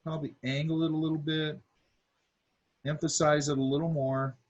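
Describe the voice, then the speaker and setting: A man's voice: a little high, level tone, moderate pace, dull audio. Laid-back man teaching while he draws. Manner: talks while drawing, many fillers and asides. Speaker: art instructor. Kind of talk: casual drawing demonstration.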